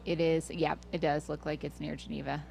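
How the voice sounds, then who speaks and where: A woman's voice: sits low, level tone, brisk, gravelly, darkish tone, faint music behind. A woman commentating live on a mountain ultramarathon livestream, chatty and playful, sometimes correcting herself.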